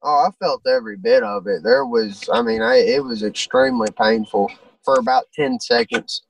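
A man's voice: very high voice, very animated, normal speed, creaky, no echo, recorded from a distance, low-quality recording. A man in his twenties, a guest fighter, talking in a laid-back, blunt and crude way in a casual interview. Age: 20s.

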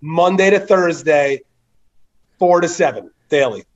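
A man's voice: on the high side, a little slow. Upbeat male guest on a dull line. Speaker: podcast guest, restaurant owner. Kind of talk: casual podcast chat.

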